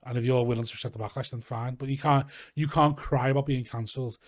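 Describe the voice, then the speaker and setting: A man's voice: mid-range voice, steady tone, fast, no echo, studio quality. A man from Liverpool with a Scouse accent, a comedian chatting casually as a podcast guest, rambling and swearing freely. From Liverpool, England. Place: garage studio.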